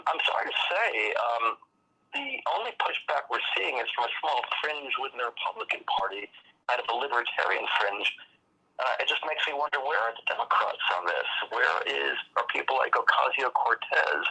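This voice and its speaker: Gravelly male radio guest on a phone line, measured and worried. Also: mid-range voice, bright, forceful tone. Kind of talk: talk radio discussion.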